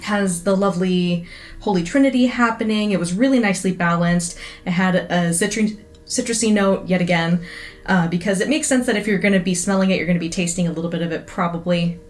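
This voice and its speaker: Woman, casual review, enthusiastic, talkative, low voice. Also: a little fast, soft background music. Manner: chatty, enthusiastic, many "like" fillers. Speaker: absinthe reviewer.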